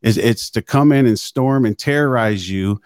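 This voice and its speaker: A man's voice: mid-range voice, moderate pace, darkish tone, smooth, no room sound. A man in a live-stream discussion who speaks indignantly and hammers his points home by repeating them.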